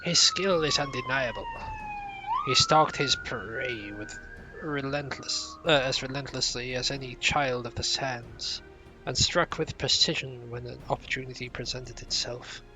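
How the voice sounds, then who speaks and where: A shrill falsetto game adventurer, halting delivery, bright tense tone. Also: male voice, wildly swooping pitch, soft background music, full character voice, poor audio. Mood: admiring. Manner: piercing falsetto, slowed and halting.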